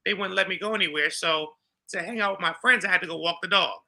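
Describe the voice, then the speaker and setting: Man from New York, high-pitched, gravelly, very bright and forceful, animated storyteller. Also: fast. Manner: animated, acts out dialogue with laughter. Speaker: podcast guest. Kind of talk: storytelling in an interview.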